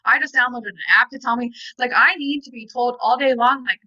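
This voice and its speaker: On a video call, a woman who is a parent and guest chats casually in a rambling, emphatic manner, often acting out what others told her. Her voice is on the high side, bright, forceful, and steady in tone, fairly quick, and the rough recording has no room sound.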